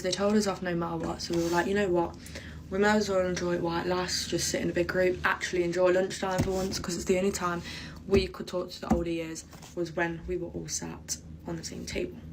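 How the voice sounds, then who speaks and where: A woman's voice: on the low side, little pitch movement, brisk, noisy background. Chatty girl, rambling storytime. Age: teens. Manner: chatty, rambling, full of fillers. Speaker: vlogger. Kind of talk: casual storytime chat.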